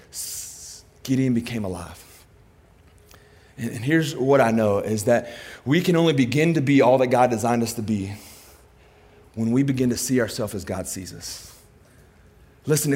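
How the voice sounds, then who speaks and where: A man preaching a sermon, swinging between soft, intimate passages and loud, high-pitched emphasis.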